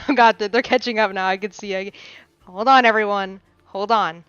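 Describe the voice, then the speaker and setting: A woman's voice: mid-range voice, fairly even intonation, normal speed, fairly bright tone, clean tone, no room sound, lo-fi sound. A woman of twenty hosting a live art podcast, chatting casually, playful and dramatic, laughing often. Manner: playful, dramatic, laughs a lot, mock-outraged bursts. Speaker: podcast host. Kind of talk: casual live-stream chat.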